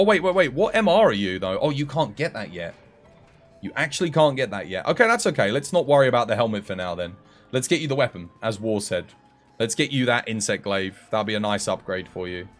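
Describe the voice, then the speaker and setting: A British man streaming a game, chatting in a relaxed way with his viewers while tired and dry in the throat. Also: mid-range voice. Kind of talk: live game stream commentary.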